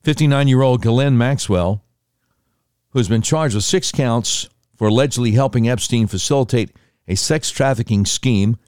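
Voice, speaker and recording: Male host, mid pitch, dry close sound, conversational with wry asides. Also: normal speed, darkish tone, smooth, dry recording. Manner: conversational, sarcastic asides, self-correcting. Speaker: commentary show host. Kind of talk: casual news commentary reading articles.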